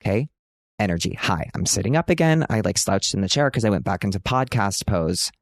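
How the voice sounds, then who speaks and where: A man's voice: big pitch swings, a little fast, dry recording. Chatty man with a dry close sound. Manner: chatty, dramatic, self-mocking, bursts into a booming announcer voice. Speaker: podcast host. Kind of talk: casual podcast chat. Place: hotel room.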